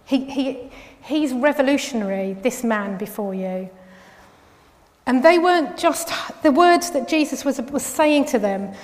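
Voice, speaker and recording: Woman preaching, kinda high voice, chatty, restarts a lot, echoey big hall. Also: animated, measured pace, darkish tone. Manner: conversational with restarts, emphatic on key phrases. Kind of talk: sermon. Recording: long reverb of a large hall.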